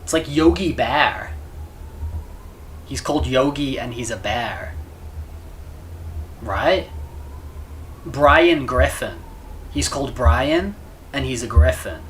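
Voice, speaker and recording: A man talks loosely to his live-stream viewers, trailing off and stumbling over repeated words as he thinks aloud. His voice sits at an everyday middle pitch. A faint hiss of noise runs behind him. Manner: rambling, stammering, repeats words; chats with viewers between game moments. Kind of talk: casual live-stream chat.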